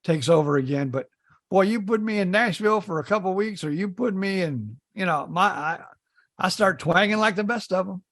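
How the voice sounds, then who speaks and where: A high-pitched, somewhat bright middle-aged Indiana man speaks fairly quickly as a podcast co-host. In casual chat he tells folksy stories, repeating words as he begins.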